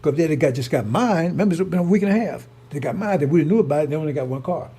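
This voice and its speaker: Gravelly man ranting in heated monologue. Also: a little high, animated, rapid-fire, warm tone. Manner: heated, repetitive, emphatic storytelling. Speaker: online preacher. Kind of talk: rambling personal monologue.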